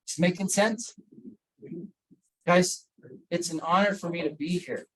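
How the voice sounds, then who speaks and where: A man's voice: high voice, measured pace, fairly bright tone, rough recording. Man, workplace wellness speaker, emphatic, repeats key points, asks the audience questions. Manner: asks the audience questions, addresses people by name. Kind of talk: motivational talk to staff.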